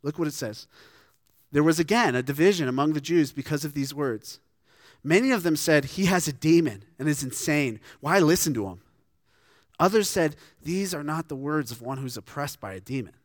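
A pastor preaches a sermon in an earnest, conversational style, frequently restarting his sentences. His voice is on the high side with lively intonation and a moderate pace, recorded with clean studio sound and no room sound.

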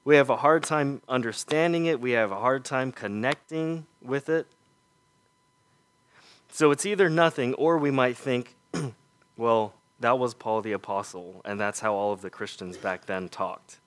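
A man preaching a sermon, earnest and full of rhetorical questions, letting his voice fall soft on key points. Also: mid-range voice, unhurried.

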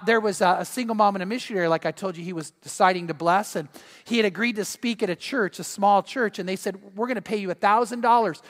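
A high-voiced male pastor delivers a sermon in a church sanctuary, telling stories animatedly and acting out quotes. The recording carries the long reverb of an echoing church hall.

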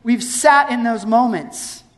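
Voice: mid-range voice, takes it slowly. A pastor preaching a sermon, retelling scripture as a story and acting out its scenes. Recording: long hall reverb.

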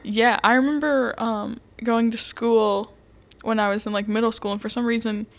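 A woman on a casual movie podcast, her voice slightly high. She rambles in a playful, jokey way and laughs easily. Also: fairly even intonation, normal speed. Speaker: podcast co-host.

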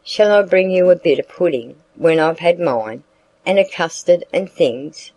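A reader voicing a young boy who teases his sister, then coaxes her gently, at a slow pace. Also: mid-range voice, animated, no echo, rough recording. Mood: coaxing. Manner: teasing, coaxing. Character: offhand young boy, teasing but kindly.

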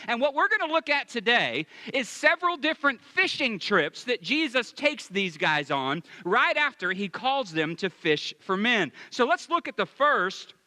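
A man's voice: extremely high pitch, bright, forceful tone, no echo. A male pastor preaching a sermon with emphasis, repeating his key phrases.

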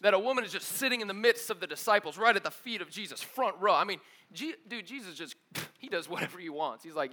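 High, bright-voiced energetic young preacher man. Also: normal speed. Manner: casual, energetic preaching with slang like dude and bro; swings between loud emphatic bursts and quiet low asides. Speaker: pastor. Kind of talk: sermon.

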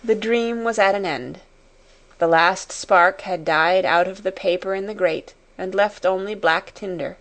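A woman reading a classic story aloud in a measured, expressive way. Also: mid-range voice. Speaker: audiobook narrator. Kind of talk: scripted storybook narration.

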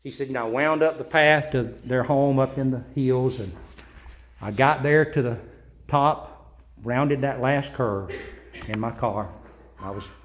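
A man preaching a sermon, moving from loud emphatic lines to quiet conversational asides and slow recitation of scripture and hymns. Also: mid-range voice, slight background noise. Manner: recites scripture and hymn lyrics slowly. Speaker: pastor.

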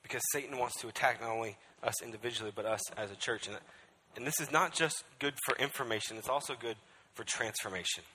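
A man's voice: mid-range voice, fast, pushed and bright, slight background noise. A male pastor preaching a sermon with emphasis, often checking in with the crowd by asking "right?". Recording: echoey hall.

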